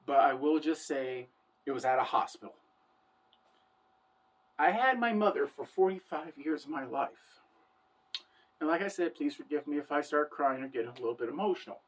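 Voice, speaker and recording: A woman in her forties telling personal stories to camera in an earnest, heartfelt way, often saying "for the record". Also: low voice. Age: 40s. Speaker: vlogger. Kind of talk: personal storytelling monologue.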